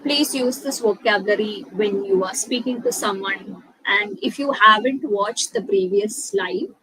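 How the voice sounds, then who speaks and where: A young woman teaching a live online lesson, switching into Malayalam and repeating example sentences slowly. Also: medium pitch, sharp tone, slight background noise, low-quality recording. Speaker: spoken English teacher.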